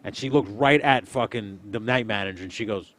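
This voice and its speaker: A man's voice: fairly low pitch, brisk, a bit bright, slight background noise. A man casually telling a rowdy story, swearing and acting out every line of dialogue.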